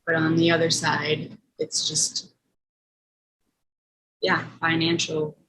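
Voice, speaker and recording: A woman telling a class about her work, speaking hesitantly with many pauses and "um"s. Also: low voice, monotone, a bit bright, faint music behind, low-quality recording. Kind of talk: casual chat.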